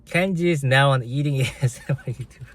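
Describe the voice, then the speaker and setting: A man's voice: medium pitch, fast. A man hosting a casual livestream, chatting with viewers and reading their comments aloud while he eats, laughing often. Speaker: livestream host.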